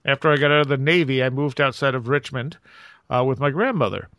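A man who is a podcast host, chatting casually and reading a listener's account aloud in an even, steady way. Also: mid-range voice, fast talker, no echo.

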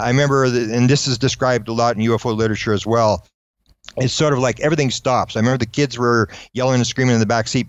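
A man recounting a strange encounter in a lively storytelling style, acting out the voices of the people he quotes. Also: medium pitch, no room sound, lo-fi sound. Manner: fast, animated storyteller who acts out quoted voices. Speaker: guest recounting UFO encounters. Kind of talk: anecdotal storytelling.

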